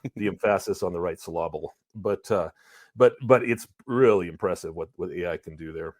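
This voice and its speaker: Deep voiced guy breaking down a book passage, close dry mic. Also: a little mellow, dry recording. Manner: explains slowly, stresses key words. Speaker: podcast co-host. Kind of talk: casual book discussion.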